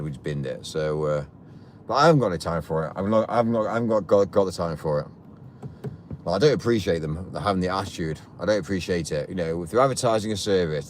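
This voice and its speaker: A man's voice: low-pitched, a little hiss or hum. A man hosting a live stream from a vehicle, ranting heatedly and repeating himself. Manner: heated, indignant, repetitive ranting.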